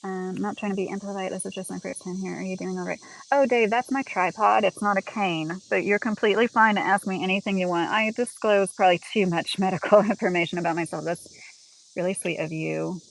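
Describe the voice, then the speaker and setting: A woman chatting casually on a livestream as she walks through her home and garden, rambling with lots of "like" and quick laughs. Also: medium pitch, fairly even intonation, creaky, poor audio.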